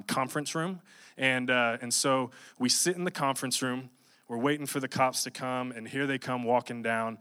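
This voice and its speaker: A young man preaching, telling a funny personal story in an animated, jokey way. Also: medium pitch, clear, resonant tone. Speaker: pastor. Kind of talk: storytelling sermon.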